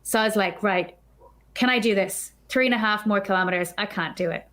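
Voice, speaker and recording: A woman guest on a podcast, telling a story in a chatty, animated way and acting out her own thoughts. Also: mid-range voice, fairly quick. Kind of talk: casual storytelling.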